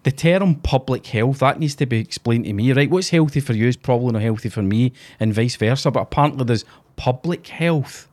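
A man's voice: mid-range voice, a little fast, darkish tone. A Scottish man hosting a casual podcast chat, blunt and sweary. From Scotland. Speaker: podcast host.

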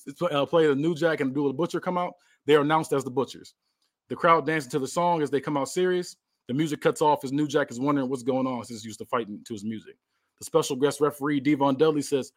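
A man's voice: medium pitch, fast talker, no room sound. A man hosting a podcast, casually narrating a made-up wrestling match with fillers and laughs. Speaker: podcast host. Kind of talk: casual storytelling of fantasy wrestling booking.

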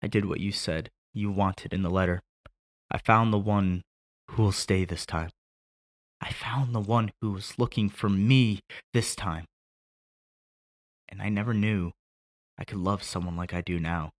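A man reading a script aloud as a grown son grieving at his dead father's grave, moving from shouting to broken quiet. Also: on the low side, animated, slow, long pauses, pitched above the performer's own voice, full character voice. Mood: tender, forgiving. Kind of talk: script read aloud as a monologue.

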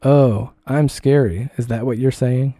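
A man voicing a pushy, mocking male street harasser in a read-aloud story, taunting and loud. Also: medium pitch, fairly even intonation, unhurried, dry recording, clean studio sound, voice pushed up.

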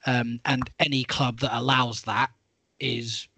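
A man on a podcast panel talks about coaching kids' football in a blunt, emphatic way and swears now and then. His voice is bright and forceful, and the recording is dry. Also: mid-range voice, level tone, takes it slowly, breathy edge, no echo. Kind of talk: casual podcast chat.

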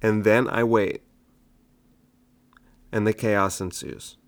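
Slow and steady, the young comedian's lowish voice carries a relaxed solo monologue on his own show. He rambles along and makes fun of his old material.

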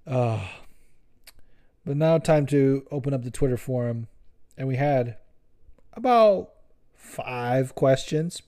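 A man hosting a solo podcast, chatting loosely and cursing freely as he circles back to correct himself. His tone is soft and mellow at a middle pitch. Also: expressive, slow, long pauses. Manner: profane, rambling, self-correcting. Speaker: podcast host. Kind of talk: casual solo podcast chat.

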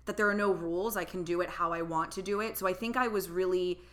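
Woman, thirties, bright clear tone, casual storytelling, animated quoted voices. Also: lowish voice, fast. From California. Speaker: podcast guest.

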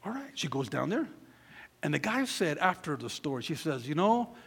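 A middle-aged man preaching, telling a personal story, acting out quotes and swinging between loud peaks and hushed asides. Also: fairly high pitch, sing-song, moderate pace, gravelly, breathy edge, big-room sound. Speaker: pastor.

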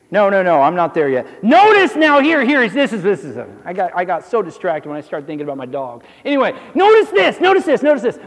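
A man preaching a sermon, animated storytelling with jokes and asides that builds to emphatic exhortation. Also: very high-pitched, in a large hall. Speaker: pastor.

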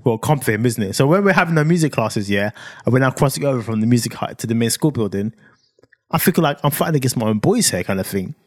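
A young man tells a story to his co-host in a relaxed podcast chat. His pitch swings widely as he acts out other people's lines, and his middling voice stays loose and slangy. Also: fast. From Southeast London.

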